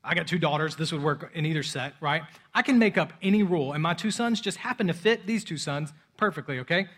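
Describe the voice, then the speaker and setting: Impassioned high-voiced preacher man. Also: expressive, fast talker. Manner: impassioned preaching, swings between loud urgency and soft hush. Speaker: pastor. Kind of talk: sermon.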